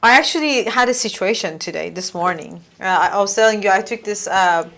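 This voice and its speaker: A woman's voice: mid-range voice, fairly quick, a bit bright. A young woman hosting a casual podcast, chatty and telling stories from her day. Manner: chatty, storytelling, acts out quoted lines. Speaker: podcast host.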